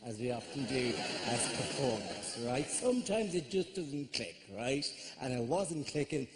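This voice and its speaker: A man's voice: mid-range voice, background noise. A man with an Irish accent doing a stand-up routine in a theatre, telling stories as a sardonic, ranting comic. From Ireland. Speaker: stand-up comedian. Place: large theatre stage.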